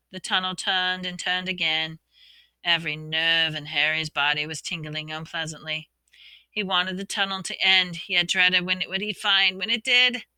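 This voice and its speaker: A woman reading a storybook aloud, expressively voicing the characters' shouts and whispers. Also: lowish voice, clean tone, no echo. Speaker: audiobook reader.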